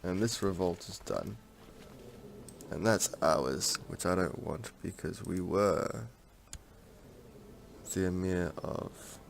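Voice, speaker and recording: A man's voice: low voice, takes it slowly, vocal fry, pauses often, slight background noise. A man giving casual gameplay commentary on a strategy game, thinking aloud in a rambling, frank way. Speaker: strategy game let's-player.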